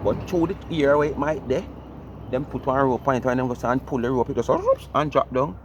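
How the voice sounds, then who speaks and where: A man's voice: medium pitch, steady tone, a little fast, a little mellow, slight background noise. A man with a Jamaican accent giving a mocking, comedic ranting commentary, repeating the listener's name over and over. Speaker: vlogger.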